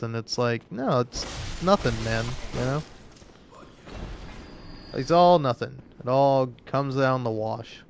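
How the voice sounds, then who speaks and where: A man's voice: medium pitch, a little slow, vocal fry, clean tone. A young man rambling sarcastically while playing a game, with frequent swearing. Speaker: gaming channel host. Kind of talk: casual gameplay commentary.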